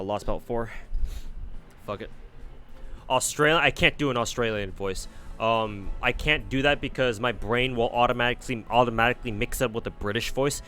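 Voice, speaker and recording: A man's voice: lowish voice, a bit bright. A man streaming a game reading, talking casually in a rambling, self-deprecating way with swearing and frequent restarts. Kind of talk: casual live-stream commentary.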